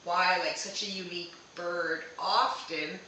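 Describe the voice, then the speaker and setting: A woman psychic medium giving a live-streamed reading, speaking gently and reassuringly and often checking in with "okay?". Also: lowish voice, steady tone, measured pace, echoey room, distant mic, slight background noise, poor audio.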